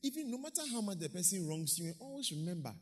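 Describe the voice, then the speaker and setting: A male pastor preaching a lively sermon, acting out quotes and pausing for his interpreter. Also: high voice, breathy edge, long reverb tail. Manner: animated preaching, acts out quotes, pauses for interpreter. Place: church hall.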